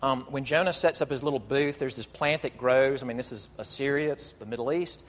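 A male pastor delivering an animated, emphatic sermon, drawing out key phrases. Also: mid-range voice, fairly quick. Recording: long reverb of a large hall.

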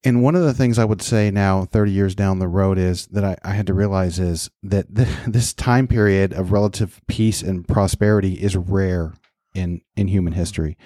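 A man's voice: low voice, fairly even intonation, normal speed, few pauses, warm tone, no room sound, clean studio sound. A man in his fifties co-hosting a podcast, talking reflectively in a casual conversation with frequent restarts. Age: 50s. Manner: reflective, talks with many restarts. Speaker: podcast co-host.

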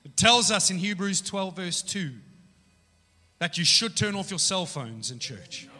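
A man preaching a sermon in a church, casual and joking, telling stories with animated energy. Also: high-pitched, unhurried. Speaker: pastor. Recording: echoey church hall.

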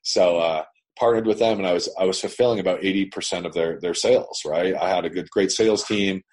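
Over a remote internet call, a Canadian man who owns a business recounts his story as an interview guest, casually, bluntly, emphatically, and with plenty of profanity. He has a deep, darkish voice and a brisk delivery.

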